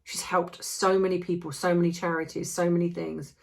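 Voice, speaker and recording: A woman's voice: fairly low pitch, flat delivery, a little fast, creaky. A woman giving an impassioned, ranting opinion vlog with many restarts, feeling unwell. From Australia. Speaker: commentary vlogger.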